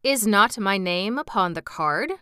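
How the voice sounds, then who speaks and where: A woman voicing a pompous, learned male insect gentleman in a storybook reading, wordy and condescending. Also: medium pitch, expressive, unhurried, clear, resonant tone, no echo, studio quality. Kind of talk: storybook read-aloud.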